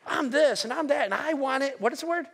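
A man preaching a sermon, telling stories with animated energy and rising to near shouting. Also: very high-pitched, fast. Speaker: pastor.

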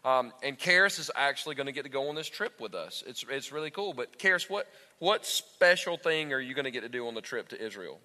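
A man in his thirties preaching a sermon to his congregation on a church stage, animated and talking straight to the crowd. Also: mid-range voice, fairly quick. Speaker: pastor. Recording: echoey hall with long reverb.

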